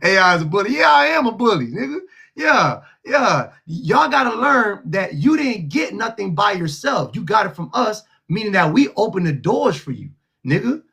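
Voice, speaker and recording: A high, gravelly man runs a live call-in show. He talks loud and mocking, laughing through heated slangy trash talk, with a husky edge. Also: sing-song, moderate pace.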